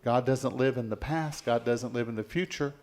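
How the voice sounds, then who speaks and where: A man preaching a sermon as pastor, leading the congregation in call-and-response and swinging between soft and loud passages. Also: mid-range voice, normal speed.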